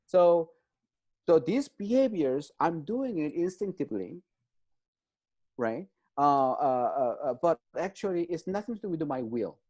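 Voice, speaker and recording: A man speaks as an interview guest, walking a listener through an idea step by step. His voice sits a little high yet sounds soft and mellow. His English is non-native and halting, peppered with "um" and a questioning "right?". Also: big pitch swings. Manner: hesitant, many fillers, checks in with "right?". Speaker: guest expert on trauma. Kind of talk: explanatory interview talk.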